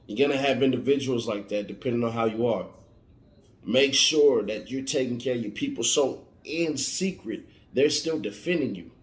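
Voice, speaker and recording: A motivational speaker with a medium-pitched voice delivers an emphatic monologue at a brisk pace, warning listeners and repeating his points like a preacher. There's a roomy echo.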